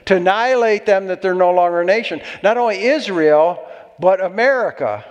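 A man's voice: sits high, brisk, big-room sound, lo-fi sound. A man preaching a sermon as pastor, exhorting and calling for amens from the congregation.

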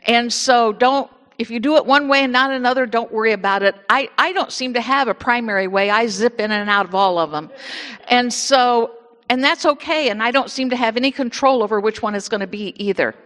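A woman with an Indiana accent, leading a lively prayer and sermon in a church sanctuary. Her voice sits high and bubbles with excitement, full of repeated words. It rings out with a long hall echo. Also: fairly quick. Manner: exuberant, repeats words, laughs often. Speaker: minister leading a church service.

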